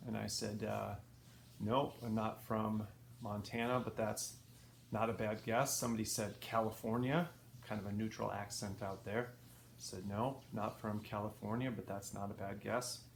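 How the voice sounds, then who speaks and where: A man's voice: on the low side, fairly even intonation, moderate pace, vocal fry, slight background noise. Wry storytelling man, roomy echo. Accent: neutral American Midwest. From Midwest, United States. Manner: dry humor, wry asides. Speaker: speaker, former college professor. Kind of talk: storytelling talk. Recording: echoey room with faint ambience.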